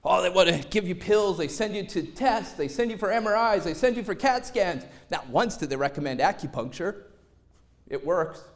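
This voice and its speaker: A man with a fairly high voice speaks on stage as a motivational speaker. He tells a personal story with lively timing and slips into other voices for the lines he quotes. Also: normal speed.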